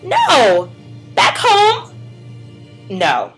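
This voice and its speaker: A woman's voice: sits high, wildly swooping pitch, extremely slow, faint music behind, low-quality recording. A young woman and teacher in a casual vlog chat, rambling with lots of "like" and "um" and acting out what people said. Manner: chatty, heavy on "like" and "um", acts out quotes. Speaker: vlogger.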